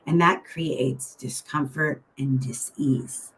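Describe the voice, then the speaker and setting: A woman's voice: sits low, slow, few pauses, a bit bright, low-quality recording. A middle-aged woman and keynote speaker, giving a casual, encouraging motivational talk to an online audience, full of friendly asides. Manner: chatty and encouraging, with many asides and filler phrases.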